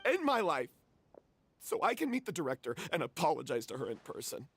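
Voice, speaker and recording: A man's voice: fairly high pitch, huge pitch swings, fairly quick, a bit bright, slight background noise, heavily acted. An actor voicing a remorseful male troupe member who confesses his mistake and blames himself. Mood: despairing. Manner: confessional, self-reproaching. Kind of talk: game voice acting.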